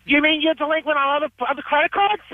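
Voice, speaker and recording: A woman on a phone call, yelling furiously and threatening as an angry mother. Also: high voice, fast talker, no room sound. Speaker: prank call victim, mother. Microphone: telephone. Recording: tinny phone line.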